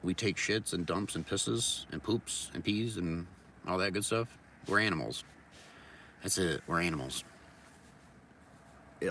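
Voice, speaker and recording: A low-voiced man with a sharp, forceful edge to his tone rambles through a blunt, profane livestream monologue, repeating his points like mantras. He sounds set back from the mic, with a faint hiss of noise behind him. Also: distant mic. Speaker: livestream host.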